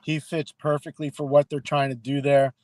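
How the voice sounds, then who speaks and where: Animated middle-aged man analyzing hockey. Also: a little high, normal speed, dry recording. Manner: animated storyteller, acts out quoted people. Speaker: hockey analyst and podcast co-host. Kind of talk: casual podcast talk.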